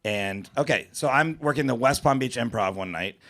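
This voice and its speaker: A male comedian hosts a live podcast from a club stage, telling a story with lots of swearing. His voice has a gravelly, fry-laden edge at a middle pitch. He slips into the voices of the people he quotes. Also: normal speed. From South Florida. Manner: animated storytelling, profane, acts out quotes.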